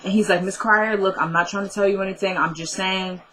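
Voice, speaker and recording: Bright-voiced woman recapping a TV episode. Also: mid-range voice, steady tone, a little fast, slight background noise, rough recording. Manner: chatty, retells scenes by quoting characters. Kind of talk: casual recap monologue.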